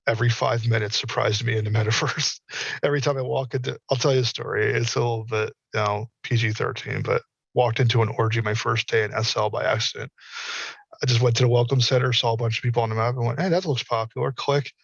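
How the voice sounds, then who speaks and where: A man's voice: medium pitch, flat delivery, fast talker, vocal fry, a bit bright, slightly rough, dry recording, dull audio. A middle-aged man on an online panel, a candid storyteller who acts out quotes as he researches virtual worlds.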